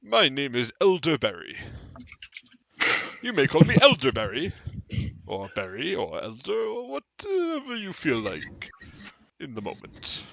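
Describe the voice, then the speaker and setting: A man's voice: a little high, huge pitch swings, unhurried, vocal fry, pauses often, fairly bright tone, pitched above the performer's own voice, full character voice. A man voicing an ancient male elf sage who speaks in a polite, rambling, old-fashioned way. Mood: genial.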